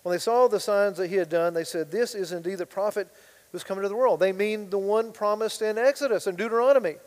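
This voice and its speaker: A man preaching a sermon as pastor, swinging between loud emphatic bursts and quiet asides. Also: sits high, fast, long reverb tail, poor audio.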